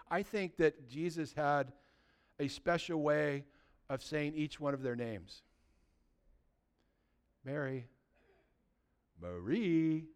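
A man preaches a sermon as a pastor, his voice a little high. He stays animated and conversational, posing plenty of rhetorical questions and moving from loud stresses to hushed tones.

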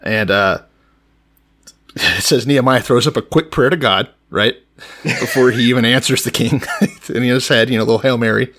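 A man's voice: mid-range voice, normal speed. A man co-hosting a casual, profane chat, retelling scripture in slangy paraphrase. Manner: animated, swears freely, paraphrases scripture in slangy voices. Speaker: podcast co-host.

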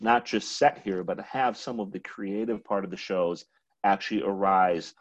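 Man with a low voice. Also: moderate pace. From Chicago, United States. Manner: rambling, full of restarts and "like". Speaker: interview guest, actor. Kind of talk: casual interview conversation. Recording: dull, muffled lo-fi sound.

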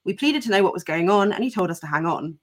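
Woman, podcast co-host, reads a story aloud, expressive pitch, laughs a lot, casual swearing. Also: fast. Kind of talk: reading a listener's story aloud, then casual chat.

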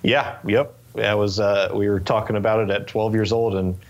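A man in his twenties from Northern California, telling stories in a relaxed interview chat with lots of fillers and restarts. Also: fairly low pitch, normal speed. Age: 20s. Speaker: interview guest, race car driver.

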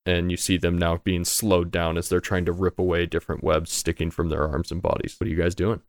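A man with a deep, smooth and resonant voice narrates as the game master of a tabletop role-playing game. He describes scenes loosely and casually, with plenty of fillers, recorded close and dry. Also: level tone, fairly quick, dry recording.

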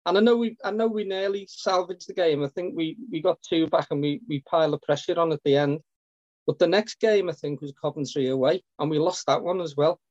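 Man, podcast co-host, eager fan, slightly high, dry muffled recording. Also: fairly quick, dry recording. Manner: excited fan recalling matches. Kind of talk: casual chat. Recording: dull dry lo-fi sound.

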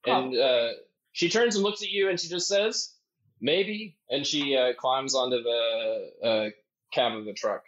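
A man narrating as game master, halting with many ums and uhs. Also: medium pitch, fairly bright tone. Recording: dull lo-fi audio.

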